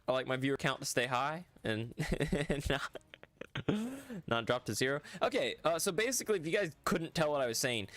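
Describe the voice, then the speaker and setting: A streamer chatting casually while playing, rambling in a relaxed way with lots of restarts. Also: mid-range voice. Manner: rambling and laid-back, lots of restarts and laughs. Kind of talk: casual livestream chat while gaming.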